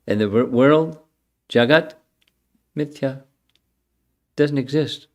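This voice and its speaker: A man's voice: medium pitch, slow, a little mellow. An older man giving a scripture lecture, chanting verses and then explaining them in a conversational way. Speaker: spiritual teacher giving a scripture class.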